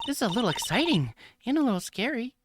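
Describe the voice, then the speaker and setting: A chirpy, excitable young woman from a video game, voiced by a man in falsetto. The voice jumps lively up and down and comes out quick. Clicks and noise sit under the stream audio.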